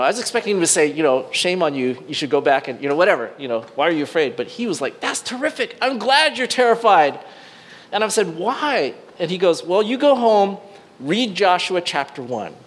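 A middle-aged male pastor preaching a sermon, telling a personal story with frequent restarts and fillers, swinging between excited bursts and hushed, quiet moments. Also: mid-range voice, slight background noise.

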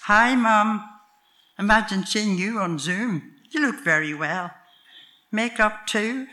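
A woman's voice: mid-range voice, slow pace, sharp tone, voice pushed up. An older woman with a Northern Irish accent voicing her cheerful, teasing grown-up daughter in a told story.

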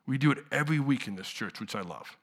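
A middle-aged man preaching a sermon to his church in a conversational way, dropping to hushed lows and rising to loud outbursts. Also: lively intonation, quick pace. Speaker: pastor.

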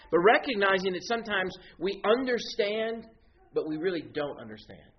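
A man preaching an expository sermon, explaining Greek words step by step in an animated teaching manner. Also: high voice, normal speed. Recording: dull lo-fi sound with faint noise.

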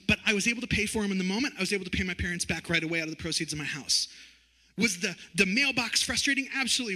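A man in his thirties gives a personal testimony in the manner of a sermon, telling his story vividly and acting out the dialogue. His voice sits high for a man and sounds very bright and forward. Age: 30s. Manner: animated storytelling, acts out quoted dialogue.

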